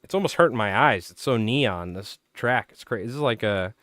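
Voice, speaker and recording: A lowish, animated male voice, a bit bright, comes through fairly quickly in a dry, studio-quality recording. He hosts a casual fly-tying livestream, talking loosely and naming viewers in chat as he replies. Fatigue strains his voice, and he clears his throat at times.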